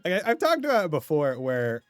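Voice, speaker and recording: A man's voice: a little high, huge pitch swings, quick pace, no room sound, soft background music. Chatty man with light Rhode Island accent. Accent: light Rhode Island New England. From Rhode Island, USA. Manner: rambling, laughs often, swears casually. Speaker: game streamer. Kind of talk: casual live-stream chat.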